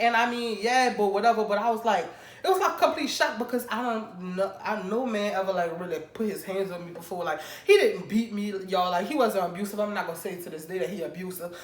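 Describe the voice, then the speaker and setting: A woman's voice: medium pitch, fast. Chatty young woman telling a storytime. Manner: animated, chatty, addresses viewers directly. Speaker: vlogger. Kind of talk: casual storytime. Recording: roomy room with faint background noise.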